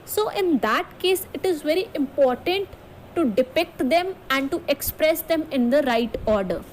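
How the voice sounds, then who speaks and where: A woman's voice: sits high, animated, unhurried, slight background noise, poor audio. A woman teacher with an Indian English accent, explaining a grammar lesson step by step to students and often checking in with "okay". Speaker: school teacher.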